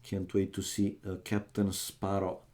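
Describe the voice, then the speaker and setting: A young man talks with his stream viewers in an easy, unhurried way. His voice sits fairly low and has a dark, mellow tone. He moves between small talk with viewers and commentary on the match. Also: monotone. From Romania. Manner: chatty, talks straight to viewers, calls them "man". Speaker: live streamer casting a strategy game. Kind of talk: casual live-stream chat and match commentary.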